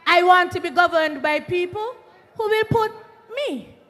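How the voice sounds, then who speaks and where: A young woman with a Kittitian accent giving a political rally speech outdoors, shouting call-and-response lines to the crowd. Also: extremely high pitch, measured pace. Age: young adult. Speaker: rally speaker. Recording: PA echo over outdoor crowd.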